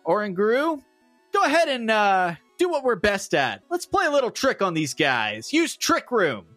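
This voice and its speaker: A man's voice: high voice, huge pitch swings, normal speed, a bit bright, dry recording, soft background music, voice pushed up, exaggerated voice. A man voicing an upbeat male gym leader who cheerfully coaches his creatures through a battle. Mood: cheery.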